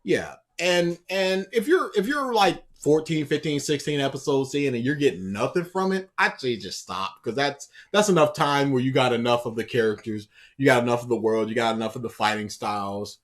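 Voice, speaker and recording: A man co-hosting a casual anime podcast, rambling with restarts and growing loud and laughing when he retells scenes. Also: medium pitch, expressive, normal speed, hardly any pauses. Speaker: podcast co-host. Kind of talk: casual chat.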